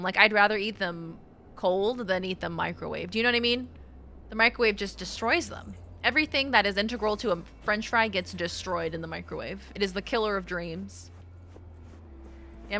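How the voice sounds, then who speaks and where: A woman streams a game and keeps up a loose, rambling chat, laughing often and cursing freely. Her voice is very bright and ringing, with faint noise underneath. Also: medium pitch. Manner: chatty, laughing, swears freely. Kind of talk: casual chat while gaming.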